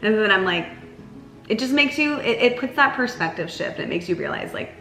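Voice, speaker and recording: A chatty young woman talks straight to camera about everyday life, her words studded with "like". Her voice rings in a roomy, echoing space, and soft music plays faintly under it. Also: expressive, fairly quick, creaky. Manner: chatty, lots of "like", mocks herself in a whiny high voice. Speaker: lifestyle vlogger. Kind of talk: casual direct-to-camera advice.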